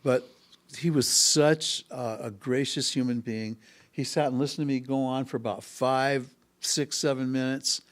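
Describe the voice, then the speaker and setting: In a casual interview at a music school podcast studio, a harmonica and bass player tells a rambling anecdote. He's unhurried, with a medium pitch and fairly even intonation, and he pauses frequently in hesitation before resuming.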